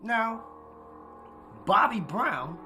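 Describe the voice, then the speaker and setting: Man, late-night monologue, lively swooping voice, cussing, music playing under him. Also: sits high, extremely slow. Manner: animated, swears freely, laughs often; talks to listeners directly, repeats himself for emphasis. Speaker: podcast host. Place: at home, eating with a cat nearby.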